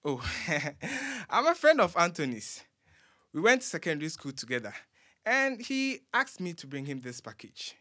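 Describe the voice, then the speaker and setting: A man's voice: high voice, very animated, moderate pace, sharp tone, exaggerated voice. A man plays an eager young visitor, gushing over his hero. His voice bounces widely as he chatters on. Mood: chatty. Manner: overexcited, chatty, fawning.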